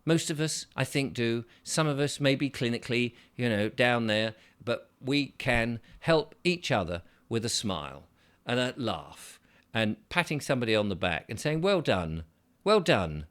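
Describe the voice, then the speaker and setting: A man's voice: medium pitch, expressive, normal speed, fairly bright tone. A man, hosting his own channel in a casual, upbeat monologue and acting out little voices. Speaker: channel host.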